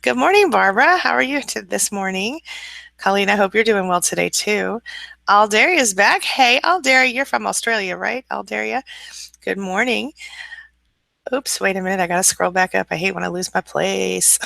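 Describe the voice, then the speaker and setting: A woman with school-age kids hosts a casual live-stream hangout, greeting viewers by name and reading their comments aloud while mentioning she's a little tired this morning. Her medium-pitched voice is creaky and sharp, at a normal speed, with no echo.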